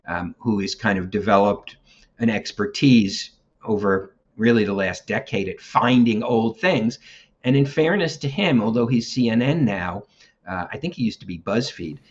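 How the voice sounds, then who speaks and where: A man talks through the news in a relaxed, chatty podcast style, punching key words and laughing now and then. His voice is a little husky, and the audio sounds slightly dull, as if from a low-fi mic. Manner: conversational, emphatic, laughs often. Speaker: podcast co-host. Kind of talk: casual political commentary.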